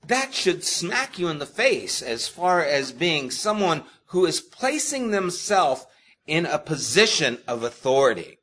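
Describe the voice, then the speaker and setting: A male pastor delivers a sermon in a bright, forceful, somewhat high voice. He talks straight to his congregation, leaning hard on key words, then dropping suddenly quiet. The delivery swings between loud emphasis and hushed asides. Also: husky. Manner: expressive, emphatic preaching with sharp swings in loudness; addresses the congregation directly.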